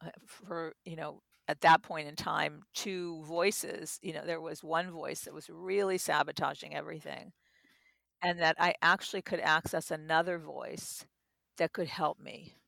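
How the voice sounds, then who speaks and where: A middle-aged woman talks in a calm, reflective way, illustrating her points with stories from her own life. Her voice has a strong vocal fry. The recording is dry, with little room sound. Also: low-pitched, a little slow, no echo. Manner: gentle, explains with personal examples. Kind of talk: reflective interview talk.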